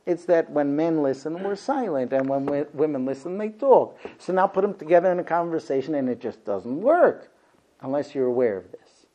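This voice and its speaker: A man's voice: on the high side, lively intonation, moderate pace, dark tone. A man lecturing a class about marriage, animatedly acting out both sides of conversations.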